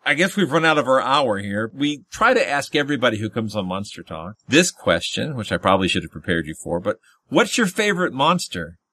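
A man's voice: medium pitch, sing-song, fairly quick, sharp tone. A male podcast host chatting casually with his guest, making dry, wry remarks. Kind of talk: casual interview chat.

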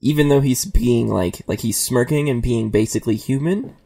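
A man's voice: mid-range voice, normal speed, vocal fry, mellow. A man playing a tabletop role-playing game, musing aloud in casual chat with many fillers.

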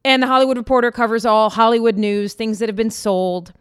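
A woman's voice: on the high side, steady tone, fairly quick, clear, resonant tone. A woman co-hosting a podcast, chatting and teasing her co-host in a playful, casual way.

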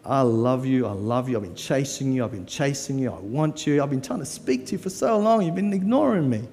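A man's voice: mid-range voice, animated, fairly quick, warm tone, big-room sound, natural voice. A man voicing God, pleading earnestly and tenderly.

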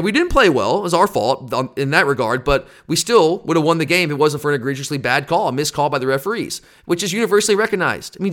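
A man's voice: a little high, fairly bright tone. A man hosting a sports fan podcast, exasperated and emphatic as he rants about his team. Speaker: podcast host. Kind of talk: opinionated fan podcast rant.

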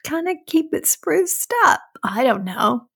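An older woman, a mother talking with her grown son, chatting casually and gently, laughing often. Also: high-pitched, big pitch swings, a little slow, vocal fry, breathy edge. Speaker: parent. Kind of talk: casual chat.

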